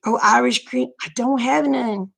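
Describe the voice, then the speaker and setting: Gravelly folksy woman. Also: a little high, measured pace. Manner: folksy, frank and chatty, laughs often. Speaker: vlogger. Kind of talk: casual livestream chat.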